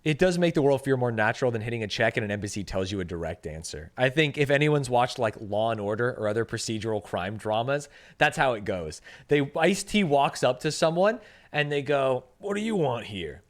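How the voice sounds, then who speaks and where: A male game streamer chatting casually over gameplay. His voice swings in an animated way as he jokes and swears, in loose, unscripted commentary. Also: mid-range voice, brisk, hardly any pauses. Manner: animated, joking, profane.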